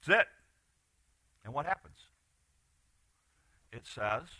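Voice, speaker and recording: A man preaching a sermon as pastor, animated, swinging from loud bursts to quiet asides. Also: mid-range voice, slow, pauses often, no room sound.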